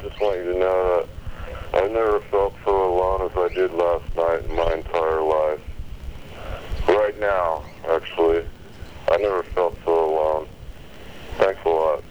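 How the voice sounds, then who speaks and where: Low slow guy leaving rambling bitter phone messages, faint hiss behind. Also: level tone, darkish tone, dull audio. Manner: aggrieved, self-pitying, rambling. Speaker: caller leaving answering machine messages.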